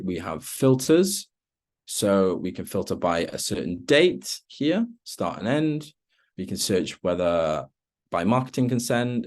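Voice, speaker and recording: This is a product trainer with a fairly low-pitched voice, demonstrating a software tool by screen share in an online meeting. He keeps things relaxed and uses lots of ums while going through each step.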